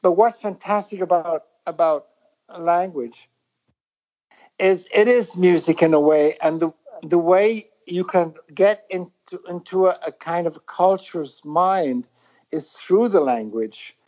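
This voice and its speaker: Reflective British man, halting and rambling. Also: high voice, darkish tone, rough recording. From Britain. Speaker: guest musician. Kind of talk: casual interview chat.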